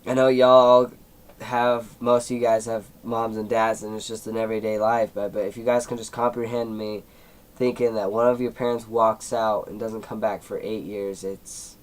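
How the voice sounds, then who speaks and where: A man's voice: fairly low pitch, flat delivery, normal speed, poor audio. A seventeen-year-old young man telling a personal story in a casual vlog, rambling with many fillers and at times emotional. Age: teens. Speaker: YouTuber.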